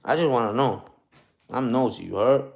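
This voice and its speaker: A man's voice: mid-range voice, normal speed, vocal fry. A man in his forties hosting a casual livestream chat on his phone, slangy and chatty, answering viewer comments and tagging lines with "you heard?". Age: 40s. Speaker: livestream host.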